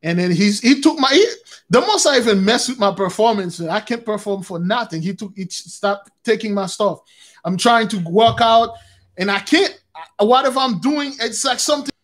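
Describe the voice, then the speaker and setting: A man's voice: high-pitched, expressive, normal speed. A man giving a casual spoken testimony on his religious channel, rambling with many restarts and calling listeners brothers and sisters. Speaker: religious YouTube channel host.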